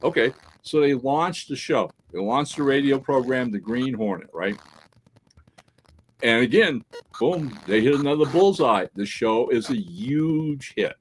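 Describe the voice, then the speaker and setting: Male podcast co-host, mid-range voice, animated storyteller, casual chat. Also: medium pitch, moderate pace, few pauses, slight background noise, poor audio. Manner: animated storyteller who acts out quoted dialogue; peppers talk with "right?" and "all right?".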